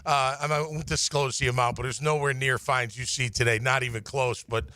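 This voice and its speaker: A middle-aged man with a bright, forceful voice tells a story in a casual way. He jumps his pitch to act out the people he quotes. His sound is close and dry, with no room around it. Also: normal speed, dry recording. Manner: animated, acts out quotes with big pitch swings. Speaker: former player telling a story on sports radio.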